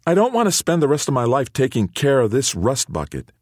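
A man's voice: fairly high pitch, very animated, normal speed, dry recording, studio quality, pitched above the performer's own voice. A man voicing an awkward teenage boy who mutters sullenly and turns eager when he talks about his hopes. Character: awkward, restless teenage boy longing to leave.

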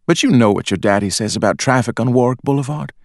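A man's voice: medium pitch, fast, dry recording, clean studio sound, voice pushed up, close to an everyday voice. A man voicing a worried mother in an audiobook, motherly and soothing in manner. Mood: reassuring.

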